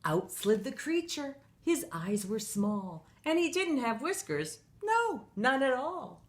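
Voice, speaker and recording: A woman teacher reading a picture book aloud to children, animated and asking them questions along the way. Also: on the high side, slow pace.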